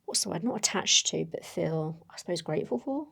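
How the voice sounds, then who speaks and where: A woman's voice: on the low side, lively intonation, fairly quick, creaky, a bit bright, slightly rough. A woman playing a solo tabletop game, thinking aloud as she writes, hesitant and full of self-corrections.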